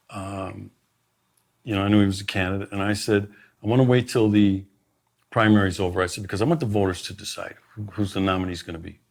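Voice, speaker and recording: Deep-voiced man telling a story. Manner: anecdotal, emphatic, many restarts. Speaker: sheriff, guest. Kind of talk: storytelling in a conversation.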